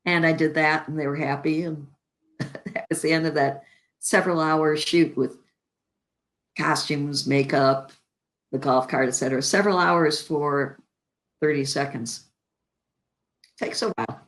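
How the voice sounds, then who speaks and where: An older actress from Chicago, a guest in an interview, tells animated stories and acts out the lines she quotes. Her voice is low, her pace a little slow, and she pauses often.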